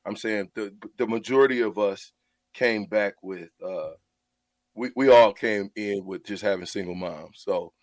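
A man's voice: on the low side, unhurried, darkish tone, dry recording. Earnest man talking on the radio. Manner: earnest, repeats words when emotional. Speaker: radio show host. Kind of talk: heartfelt radio talk.

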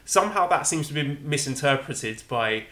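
A man's voice: mid-range voice, lively intonation, moderate pace, bright, forceful tone. An English man co-hosting a podcast in casual chat, chatty and self-deprecating, restarting his sentences often. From England. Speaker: podcast co-host.

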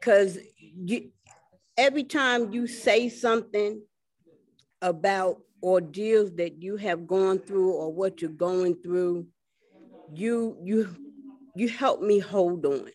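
A guest speaking earnestly and haltingly about faith and gratitude in a casual chat. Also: mid-range voice.

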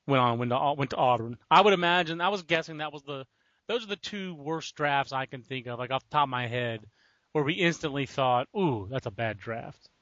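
A man hosting a podcast, chatting casually with halting starts and restarts. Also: medium pitch, a bit bright, no room sound. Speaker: podcast host. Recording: dull lo-fi dry podcast audio.

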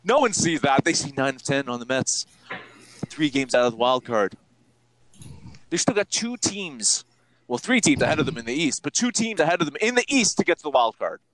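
Profane ranting man, lively pitch. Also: brisk, dry recording, low-quality recording. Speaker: podcast co-host. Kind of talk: casual sports chat.

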